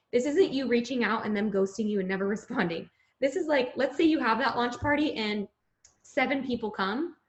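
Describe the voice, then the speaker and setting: A woman coaching new sales consultants, upbeat and encouraging. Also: on the high side. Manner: upbeat, encouraging, addresses "guys". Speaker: business coach. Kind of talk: coaching call. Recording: echoey and dull.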